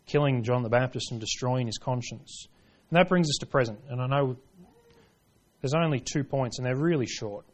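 A man preaching a sermon, reading scripture aloud and driving points home, swinging between hushed lines and forceful ones. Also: medium pitch. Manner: reads scripture aloud in King James wording.

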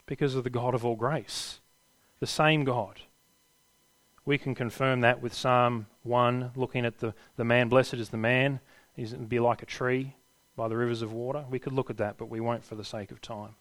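A man preaching a sermon earnestly, building to emphatic peaks and dropping to hushed endings. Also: mid-range voice, fairly even intonation, moderate pace, no echo.

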